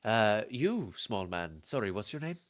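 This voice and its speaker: Guy doing a fussy waitress, polite and chatty, really low voice. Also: sing-song, unhurried. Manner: polite, fussy, explains at length. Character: brisk, chatty female waitress.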